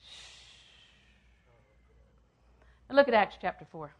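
Older female preacher with a slightly low voice, repetitive and emphatic, dropping to a hush. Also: fairly quick, dull audio. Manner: repeats phrases for emphasis, swings from loud to hushed. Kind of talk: sermon.

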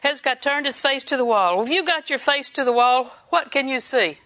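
A woman's voice: high voice, fairly quick, pushed and bright. A woman preaching a sermon, reading scripture in a conversational way and laughing often.

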